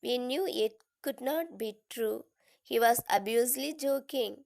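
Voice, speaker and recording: Woman, teacher reading a lesson, slow and careful, pitched a little high. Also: creaky, a little mellow. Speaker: English teacher. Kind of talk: reading a grammar lesson aloud.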